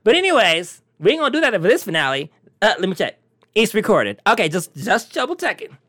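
A brash, teasing talk show host chatting casually to the audience. The pitch leaps and swoops all over in an animated way. The sound is dry and close, with no room around it. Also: a little fast, no echo. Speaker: podcast host. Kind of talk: casual solo chat.

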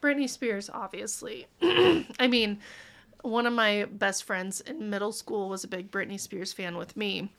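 A woman's voice: medium pitch, a little slow, a bit bright. A woman in her thirties, a podcast guest in casual chat, bubbly, laughing often and acting out her own stories.

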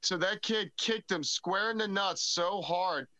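A man telling animated anecdotes in a casual podcast chat on a close mic. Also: high-pitched, unhurried, no echo, low-quality recording.

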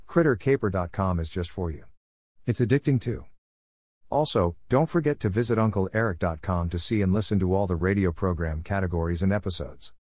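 Brief: upbeat male podcast host, lowish voice, dry close-mic sound. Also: a little mellow, no echo. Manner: friendly, upbeat announcing. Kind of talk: scripted podcast intro and sponsor reads.

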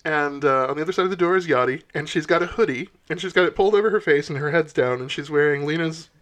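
A man narrating a tabletop role-playing game as game master, in a playful, deadpan way. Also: fairly high pitch, quick pace.

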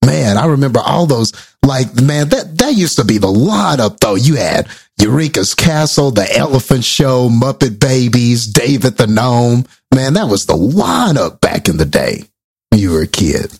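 A man's voice: medium pitch, very animated, normal speed, gravelly, breathy edge, no echo, clean studio sound. A man in his thirties chatting casually and breaking into playful snatches of song. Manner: playful, sings snatches of old TV theme songs. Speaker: podcast co-host. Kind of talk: casual chat.

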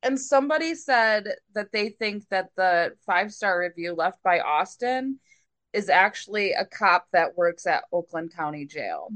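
A woman's voice: medium pitch, expressive, a little slow, fairly bright tone. A woman co-hosting a podcast in casual chat, giggling and breaking into laughter often. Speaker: podcast co-host.

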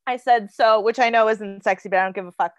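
A woman's voice: medium pitch, fairly even intonation, quick pace, no echo. A woman hosting a podcast, telling a candid, profane comedic story and acting out both sides of the dialogue. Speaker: podcast host.

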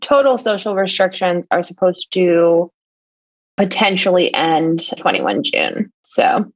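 A woman co-hosts a casual podcast, rambling through her stories with plenty of "like" and frequent laughter. Her pitch swings lively up and down. The recording sounds a little dull and lo-fi. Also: takes it slowly. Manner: rambling, full of "like", laughs often. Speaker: podcast co-host.

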